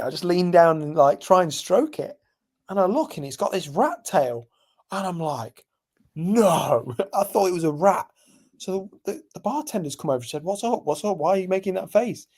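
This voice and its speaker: A young man from England, co-hosting a podcast and telling stories animatedly, jumping from loud to hushed. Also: high voice, animated, fairly quick. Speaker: podcast co-host. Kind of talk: casual chat.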